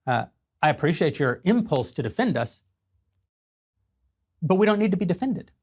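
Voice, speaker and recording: Measured, earnest man addressing viewers. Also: a little high, very animated, slightly rough. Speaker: company spokesman in a played clip. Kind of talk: addressing an online audience.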